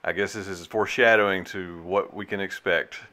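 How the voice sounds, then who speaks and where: Dry-humored man with a lower voice. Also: steady tone, normal speed, pushed and bright. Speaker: co-host. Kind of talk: casual reaction commentary.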